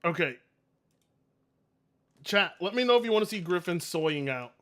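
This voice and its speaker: Excitable high-voiced young man. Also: normal speed. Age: 20s. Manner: excitable, laughing, swearing. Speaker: streamer. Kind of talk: live stream reaction commentary.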